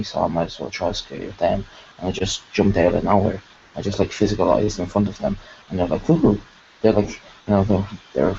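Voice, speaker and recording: A man on a video call excitedly recounting a meditation experience in a rambling, casual way, full of fillers. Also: sits low, creaky, lo-fi sound, slight background noise. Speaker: participant sharing a meditation experience. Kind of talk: casual storytelling.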